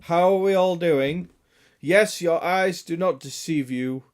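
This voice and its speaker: A man with a hoarse, raspy throat from illness, chatting casually and greeting viewers on a game stream, joking and swearing. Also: fairly high pitch, slow pace. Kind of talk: casual live-stream chat.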